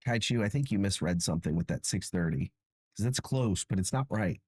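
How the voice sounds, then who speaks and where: A man's voice: low voice, animated, fairly quick, a little mellow, slightly rough, no room sound. A tired young man hosting a livestream, chatting casually with viewers in a self-mocking way and laughing often. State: tired and achy. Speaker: livestream host.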